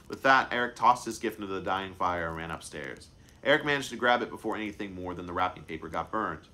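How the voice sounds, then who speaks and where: Deep-voiced man reading his book aloud. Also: fast, pushed and bright. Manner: unscripted stumbles and self-corrections. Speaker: author and narrator.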